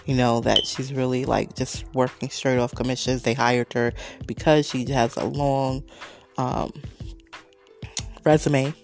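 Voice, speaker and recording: Woman host, low voice, animated and sarcastic storyteller who swears freely. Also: a little slow, vocal fry, faint music behind. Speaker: podcast host. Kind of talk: casual storytelling rant. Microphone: desk microphone.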